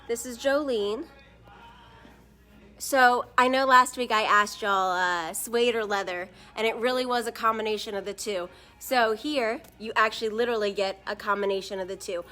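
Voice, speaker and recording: A woman's voice: on the high side, normal speed, pushed and bright, soft background music. A woman hosting a live shoe showcase, chatty and upbeat, talking straight to viewers. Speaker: shoe store host.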